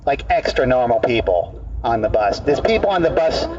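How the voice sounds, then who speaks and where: A male street comedian telling a rambling, deadpan absurd story in halting, repeated phrases to people in an outdoor park. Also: mid-range voice, slight background noise. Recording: dull distant outdoor recording.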